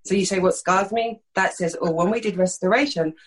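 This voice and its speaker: Woman, middle-aged, from East London, slight lisp, husky, frank animated interview guest. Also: mid-range voice, brisk, poor audio. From East London, England. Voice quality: slight lisp that sometimes creeps in. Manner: frank, animated storytelling with many fillers. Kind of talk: candid conversational interview.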